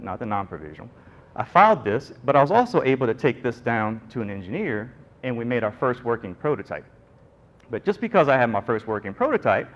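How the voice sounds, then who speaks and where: A man's voice: mid-range voice, muffled recording. A middle-aged man, a nurse entrepreneur giving a conference talk and telling his story with jokes and acted-out voices. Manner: animated storyteller, jokey, acts out quoted people.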